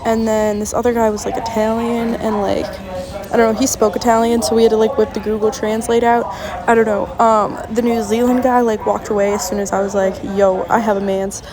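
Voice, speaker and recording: A woman's voice: a little high, level tone, a little fast, a crowd in the background. A young woman from the United States chatting casually into her phone for a travel vlog, filling her talk with lots of "like". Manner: chatty, many filler likes. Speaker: vlogger.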